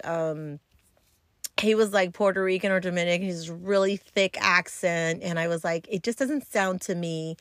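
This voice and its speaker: A woman podcaster chats through a story on her own, blunt and unfiltered, full of fillers. Her voice sits on the lower side. The sound is dry and close, with no room echo. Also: creaky. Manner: blunt, profane and chatty, with many fillers. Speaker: podcast host. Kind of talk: casual solo storytelling.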